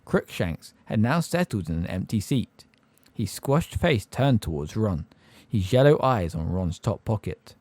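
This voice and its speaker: A man narrating a fantasy audiobook with an expressive delivery. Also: lowish voice, a little slow, no echo. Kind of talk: fan audiobook reading.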